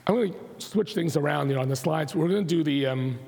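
A man, a pastor giving a sermon and prayer, his voice partly lost to allergies, talking in a halting way with many fillers and restarts. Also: a little high, gravelly, a little mellow. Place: church sanctuary. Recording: long hall reverb.

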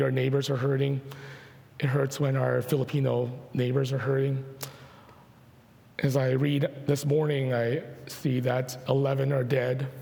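A man, a pastor giving a sermon and prayer, his voice partly lost to allergies, talking in a halting way with many fillers and restarts. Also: mid-range voice, vocal fry, a little mellow. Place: church sanctuary. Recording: long hall reverb.

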